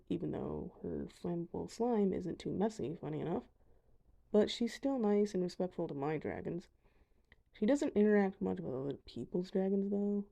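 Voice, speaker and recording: A woman's voice: fairly low pitch, gravelly, warm tone. A young woman giving a casual voice-over of a video game, chatty with self-deprecating asides. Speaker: gamer showing her dragons.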